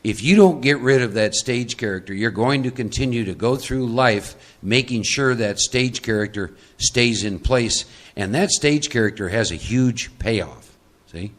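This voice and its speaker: A man's voice: mid-range voice, measured pace, hardly any pauses. A man from Texas leading a live recovery workshop, emphatic and teasing, often checking that listeners follow. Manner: emphatic, teasing, asks for agreement.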